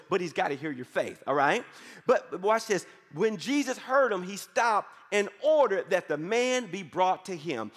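A man preaching a lively sermon with call-and-response to his congregation. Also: high-pitched. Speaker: pastor. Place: church sanctuary. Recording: long reverb of a church hall.

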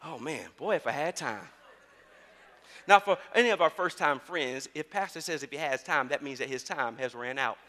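A middle-aged man pastor preaching a sermon, swinging from easy conversational storytelling to shouted preaching. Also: on the high side, animated, normal speed, in a large hall. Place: church sanctuary.

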